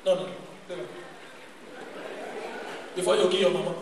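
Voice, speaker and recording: A man with a Nigerian accent doing animated stand-up comedy, breaking into shouts and acting out characters. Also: sits high, measured pace, noisy background. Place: large live comedy venue. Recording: echoey live hall from far off. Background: crowd laughing.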